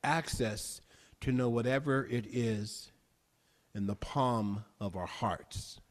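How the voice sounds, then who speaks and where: A man minister delivering a sermon, repeating phrases emphatically and building to excited exclamations. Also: mid-range voice, slow pace. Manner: repetitive, emphatic preaching with rising exclamations. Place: church sanctuary. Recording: long hall reverb.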